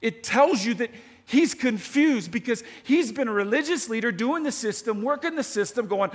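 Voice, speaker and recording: A man preaching a sermon in a lively, conversational way, talking straight to his audience. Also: high voice, brisk, few pauses. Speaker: pastor. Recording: long hall reverb.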